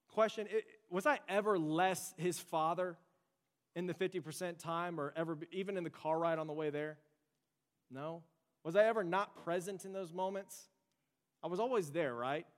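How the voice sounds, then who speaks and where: A young adult man preaching a sermon as pastor, earnest and conversational, mixing storytelling asides into his message. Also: on the high side. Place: church sanctuary. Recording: long church hall reverb.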